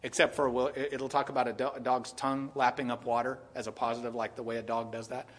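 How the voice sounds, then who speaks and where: Speaking at a quick pace in a level, mid-range voice, this pastor preaches an expository sermon. He is earnest and keeps asking his audience rhetorical questions.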